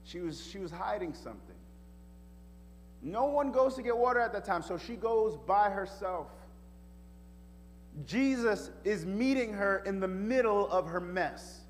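A man preaching a sermon as pastor, animated and casual, full of slang and rhetorical questions. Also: sits high, unhurried, pauses often, slight background noise. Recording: echoey hall reverb.

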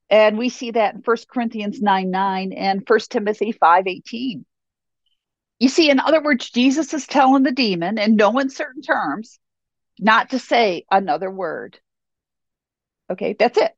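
A woman's voice: mid-range voice, normal speed, dry recording. A woman Bible teacher giving a sermon in an emphatic, repetitive way, on a dull, dry recording.

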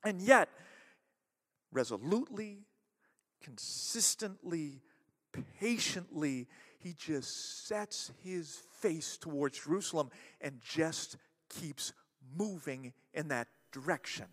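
A man preaching a sermon as pastor, acting out quoted voices and swinging between loud and soft passages. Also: fairly high pitch, slow pace, few pauses, big-room sound.

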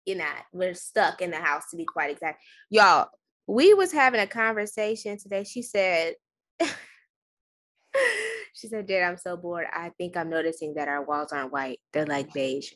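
A woman's voice: lowish voice, animated, normal speed, fairly bright tone. A woman co-hosting a casual podcast from home, a bit weak after being sick, talking in a laid-back way with fillers. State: recovering from illness, a bit weak. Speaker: podcast co-host. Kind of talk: casual chat. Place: at home, separate room.

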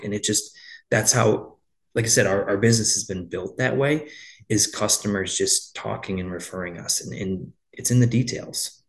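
A man's voice: fairly low pitch, moderate pace. A man who owns a landscaping business, telling stories in a casual interview, with lots of restarts and quoted back-and-forth. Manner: rambling, frequent restarts, storytelling with quoted dialogue.

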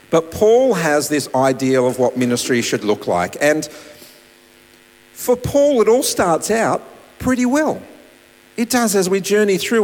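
A man preaching a sermon, swinging between raised emphasis and soft, quiet asides. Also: high voice. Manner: dynamic preaching, voice rising and dropping to soft asides. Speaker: pastor. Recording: long hall reverb with mains hum.

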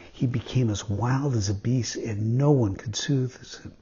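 A man's voice: medium pitch, moderate pace, breathy edge. A man reading a classic children's story aloud as a weekly installment, telling it expressively. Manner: expressive storytelling with voiced quotes. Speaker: storybook reader. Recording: dull lo-fi sound.

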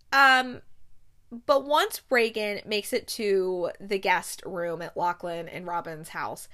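A woman's voice: medium pitch, fairly bright tone. Gushing, chatty young woman reviewing books. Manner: gushing, chatty, many fillers and restarts. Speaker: book reviewer. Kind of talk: casual book review chat.

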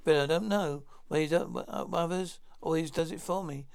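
Nervous, wheedling coward of a thief, read plainly by a man with a gravelly voice. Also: a little high, fairly quick, a little mellow. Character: cowardly male thief pleading for his life.

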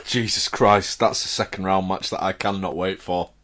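A man co-hosting a podcast, chiming in with wry, quick remarks in casual banter. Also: deep voice, steady tone, a bit bright, a little hiss or hum. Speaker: podcast co-host.

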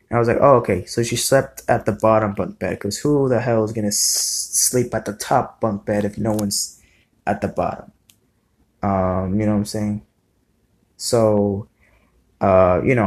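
A young man telling a casual storytime to his viewers, rambling and swearing with lots of fillers. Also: fairly low pitch. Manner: rambling, profane, many fillers. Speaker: vlogger.

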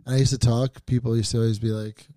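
A man's voice: medium pitch, level tone, fast, warm tone, no echo. A man with a thick Staten Island accent hosting a podcast, joking around and restarting his sentences. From Staten Island, New York. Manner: joking, stammers and restarts, swears. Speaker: podcast host. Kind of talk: casual podcast chat.

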